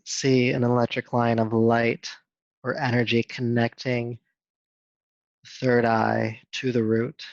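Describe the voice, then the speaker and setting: Calm man guiding a yoga class. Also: medium pitch, slow pace, gravelly, no echo. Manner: calm, steady cueing with soft hums. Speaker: yoga instructor. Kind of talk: guided yoga class instruction. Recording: dull, dry sound.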